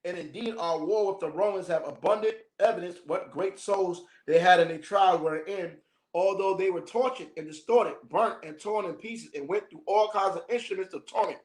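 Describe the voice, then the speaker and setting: A man's voice: high voice, normal speed, roomy sound. A man teaching as a minister, reading a text aloud and breaking off into slangy, joking asides with frequent laughs.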